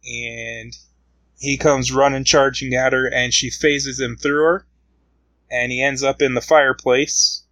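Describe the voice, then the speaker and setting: A man's voice: medium pitch, flat delivery, unhurried, a bit bright, no echo, rough recording. A man casually retelling a comic book story, rambling along with frequent fillers.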